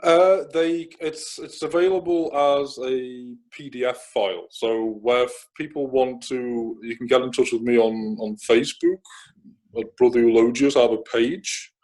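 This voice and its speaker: A man from Germany, a spiritual author, talking in a relaxed interview with frequent restarts and hesitant fillers. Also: medium pitch, unhurried. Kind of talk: casual interview conversation.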